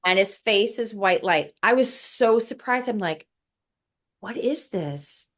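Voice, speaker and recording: With a mid-range voice and measured pace, a woman guest shares an emotional spiritual story in casual conversation. She repeats words as she goes, recounting it in a breathless, emotional way.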